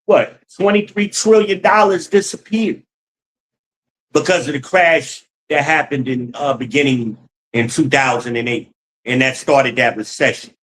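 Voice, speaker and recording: A man's voice: medium pitch, measured pace, a bit bright, slight background noise, rough recording. A man hosting a livestream. He reads chat aloud, cusses freely, laughs often and calls his viewers y'all. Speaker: livestream host reading chat. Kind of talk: casual livestream commentary.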